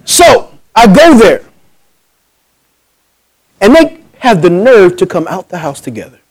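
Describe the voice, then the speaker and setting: A man from New Jersey preaching a sermon as pastor, swinging between loud punchy bursts and hushed, intimate pleading, calling out for amens and acting out conversations. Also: sits high, very animated, a little slow, poor audio. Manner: calls for amens, acts out dialogue.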